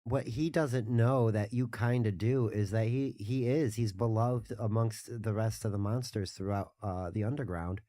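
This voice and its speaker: Rambling man with a low voice. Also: normal speed, hardly any pauses, warm tone, no room sound. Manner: rambling, full of restarts. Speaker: guest. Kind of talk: casual podcast chat.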